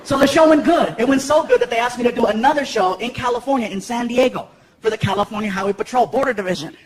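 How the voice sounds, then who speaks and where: A man telling stories in live stand-up comedy, animated and acting out the voices of the people he talks about. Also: very high voice, fast talker. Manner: animated storytelling, acts out voices. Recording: live show with loud crowd noise.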